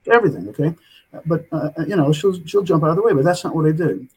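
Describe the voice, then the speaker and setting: A man's voice: on the high side, expressive, fast, breathy edge, low-quality recording. An older man telling a long story as an interview guest, rambling and tagging his sentences with "okay?". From United States.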